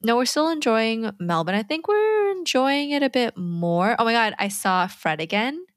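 A woman's voice: on the high side, very animated, normal speed, no echo. A woman from the United States co-hosting a podcast, chatting casually, laughing often, and stretching out her phrases. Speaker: podcast co-host. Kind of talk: casual chat.

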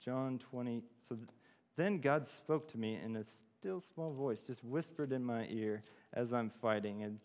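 A man preaches casually, rambling through a story full of ums and restarts. His voice sounds smooth and resonant, carried on a long hall reverb. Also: medium pitch, unhurried, darkish tone. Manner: rambling, many fillers and restarts. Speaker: church speaker. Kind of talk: informal sermon with personal story.

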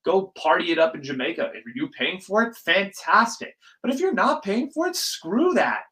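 Young man, podcast host, casual monologue, bright forceful voice, animated, swearing. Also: high voice, a little fast, few pauses, poor audio. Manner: animated, ranting, swears freely.

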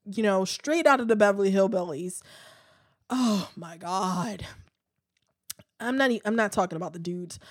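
A woman's voice: mid-range voice, dry recording, studio quality. A woman hosting a casual, opinionated chat, full of fillers and restarts. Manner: chatty, frequent fillers and restarts.

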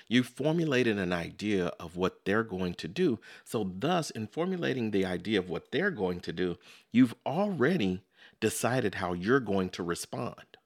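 A man hosting a podcast, giving a conversational motivational self-help talk that keeps circling back with "so in other words" and "you know". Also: low voice. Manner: acts out everyday quotes in lively voices. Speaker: podcast host.

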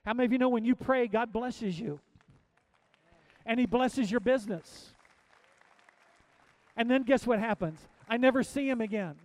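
A middle-aged man preaching as a pastor, swinging between soft pleading and loud emphatic exhortation with many repeated phrases. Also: very high-pitched, moderate pace, pauses often, no echo, some chatter behind. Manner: preaching with rising and falling intensity, repetitive exhortations. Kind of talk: sermon.

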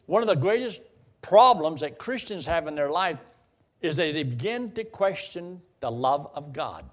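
A pastor with a slightly high voice delivers a sermon in an easy, conversational way. He breaks into emphatic, rising bursts to drive his points home. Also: big pitch swings, normal speed.

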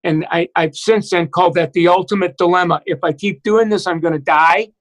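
A middle-aged man recounting his recovery in a halting, reflective way, with many restarts and fillers. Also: high-pitched, fairly even intonation, rough recording. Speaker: guest. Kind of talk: personal recovery story in conversation.

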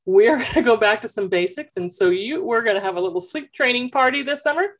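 A woman coach talking with parents in an animated, chatty storytelling way, through a headphone mic. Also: on the high side, quick pace. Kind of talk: consultation with parents.

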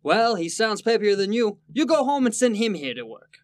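A sarcastic blustering boss. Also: male voice, high-pitched, big pitch swings, normal speed, no room sound, clean studio sound. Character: exasperated sarcastic male boss. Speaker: law office boss. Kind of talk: 1940s radio sitcom acting.

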